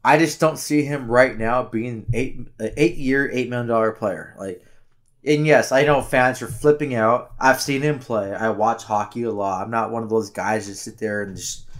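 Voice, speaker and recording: A man co-hosting a casual hockey podcast, rambling with many halting restarts. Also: medium pitch, steady tone. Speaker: podcast co-host. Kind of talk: casual sports chat.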